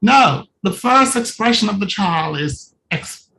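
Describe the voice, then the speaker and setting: A coach giving a live presentation on a video call. The delivery is animated and playful, with little scenes acted out. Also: medium pitch, a little slow, slight background noise, low-quality recording. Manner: animated and playful, acts out little scenes while talking to a participant. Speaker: coach presenting at a virtual summit.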